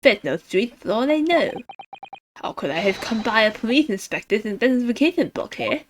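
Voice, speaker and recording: A woman's voice: fairly high pitch, expressive, normal speed, a little hiss or hum, close to an everyday voice. A woman voicing a brash, defensive male street peddler from London. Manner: blustering, defensive. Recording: game music playing behind.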